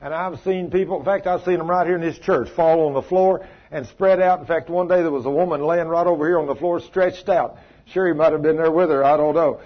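Brief: fervent man preaching, husky, fairly high voice, dull lo-fi. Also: fairly even intonation, a little fast. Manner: fervent, emphatic, tells stories with acted quotes. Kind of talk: sermon.

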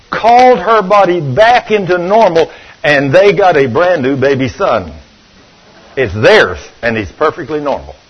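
An older man preaching a sermon, telling stories and swinging between loud and hushed. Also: mid-range voice, husky. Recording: dull lo-fi recording.

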